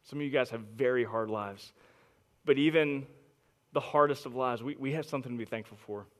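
A young adult man preaching a sermon to a congregation, emphatic, often repeating words as he builds from quiet, intimate stretches to loud, forceful ones. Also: mid-range voice, a little fast. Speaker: pastor.

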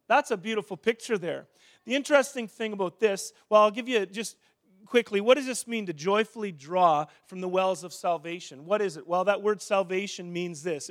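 A middle-aged man preaching a sermon in an animated, conversational way, often restarting his sentences. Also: high-pitched.

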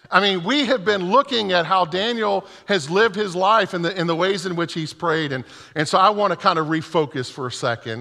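A pastor delivering a sermon, warming up with humorous, self-deprecating stories. His voice sits high and sounds bright and forceful. Long reverb from a large church hall hangs behind every phrase.

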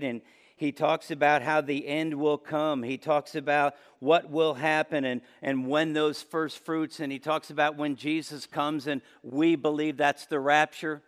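A man preaching a sermon as pastor, impassioned, swinging between loud high peaks and low quiet passages. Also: smooth.

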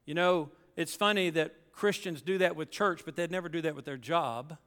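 A man's voice: on the high side, normal speed, a bit bright, smooth, long reverb tail. A man preaching a sermon as pastor, reading scripture aloud and then driving his points home with emphatic asides.

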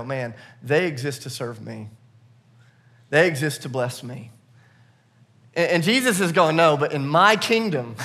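A man preaching a sermon, telling a personal story in a conversational, self-deprecating way before moving into scripture. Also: fairly high pitch. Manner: conversational, self-deprecating, animated retelling with laughs. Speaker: pastor.

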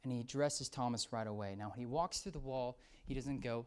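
A preacher delivering a sermon with a conversational, animated energy. The voice sinks low and quiet for reflective points, then jumps up loud and high in excited outbursts. Quoted characters are acted out with playful shifts of tone. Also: a little fast, hardly any pauses, smooth. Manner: lively, swings from hushed to excited outbursts, acts out quoted voices.

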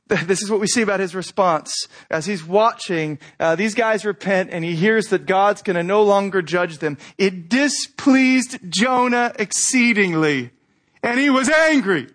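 A man preaching a sermon in a conversational way, with asides and restarts, acting out quoted voices. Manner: animated, acts out quoted voices with rising pitch. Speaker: pastor.

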